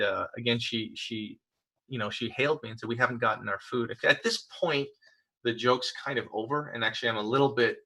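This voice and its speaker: A man pastor giving a conversational sermon, telling personal stories in a relaxed, hesitant way with many fillers and restarts. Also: mid-range voice, rough recording.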